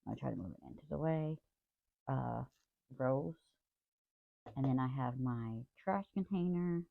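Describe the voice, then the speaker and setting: A woman's voice: a bass voice, animated, measured pace, gravelly, no echo. A woman craft vlogger rambling in a casual, apologetic chat about her week. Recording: tinny phone-like dry sound.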